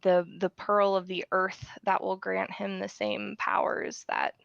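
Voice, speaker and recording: A woman playing a tabletop game who describes her character slowly, searching for words with many fillers. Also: mid-range voice, level tone, vocal fry, fairly bright tone, clear, resonant tone, no echo, dull audio. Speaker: player.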